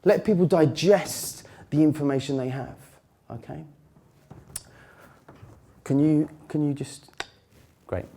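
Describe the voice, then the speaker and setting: A man giving a conference talk on pitching, with a slightly worn voice, varying his pitch and dropping low with dramatic pauses. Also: creaky, dark tone. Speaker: pitch coach. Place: conference stage.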